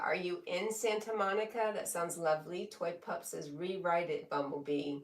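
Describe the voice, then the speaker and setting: Reading her chat's comments out loud, this low-voiced female streamer keeps things slow and easygoing, laughing frequently between comments. The recording is echoey and picked up from a distance, with her a bit off mic.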